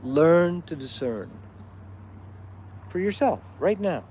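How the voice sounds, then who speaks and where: A man's voice: mid-range voice, unhurried, vocal fry, darkish tone, slight background noise. A man hosting a casual livestream, ranting bluntly and preachily, swearing often. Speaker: livestream host. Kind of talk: casual unscripted rant.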